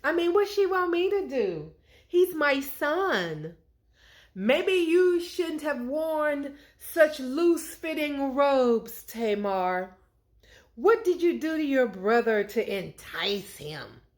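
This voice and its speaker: A man's voice: very high voice, big pitch swings, slow pace, exaggerated voice. A woman voicing a weak, cowardly old king who shrugs off blame and then wails over his son, in a whiny, sobbing way. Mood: dismissive. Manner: whiny, excuse-making, sobbing.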